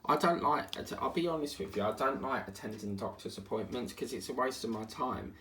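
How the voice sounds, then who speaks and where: A man's voice: mid-range voice, animated, fairly quick, pushed and bright. A man chatting casually and grumbling in asides while working on a diamond painting at home. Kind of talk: casual chat while crafting. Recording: distant mic, faint background hiss.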